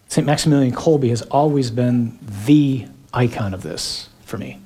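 A man preaching a sermon, shifting between quiet reflection and acted-out shouted dialogue, with dramatic pauses. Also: mid-range voice, animated, husky.

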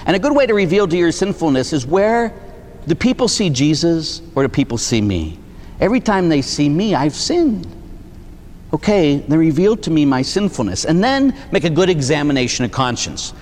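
Animated preaching priest in an echoing hall. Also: male voice, on the high side, normal speed. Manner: animated storytelling, acts out dialogue, tags lines with "huh?". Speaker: Catholic priest. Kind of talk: sermon. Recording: faint noise, long hall reverb.

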